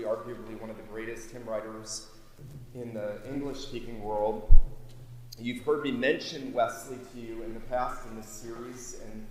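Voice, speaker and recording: A man's voice: medium pitch, a little mellow, a little hiss or hum. Man preaching in an echoey hall. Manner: preaching with emphatic swells in volume. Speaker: pastor. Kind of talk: sermon. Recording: echoey hall, mic at a distance.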